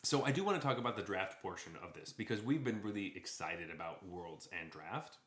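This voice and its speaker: Podcast co-host: excitable man with a lowish voice, easy laugh, in an echoey room. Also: fairly quick. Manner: excitable, enthusiastic, laughs often. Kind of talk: casual chat.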